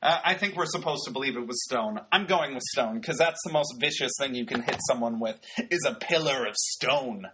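A man's voice: mid-range voice, brisk, hardly any pauses, noisy background. A man giving casual, wry commentary on a wrestling show, talking loosely with lots of fillers. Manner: chatty, wry, many fillers.

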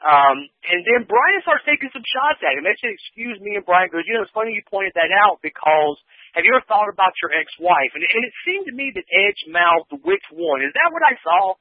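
A man's voice: high voice, sing-song, fairly quick, dry recording. A man casually recapping a wrestling show for a podcast, rambling with lots of fillers and acting out quotes. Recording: tinny phone line.

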